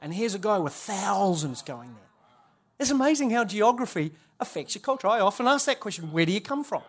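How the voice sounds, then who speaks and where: A man's voice: high voice, sing-song, fairly quick, fairly bright tone. A man, a church leader giving a humorous storytelling talk at a conference, chatty and self-interrupting, laughing at his own stories.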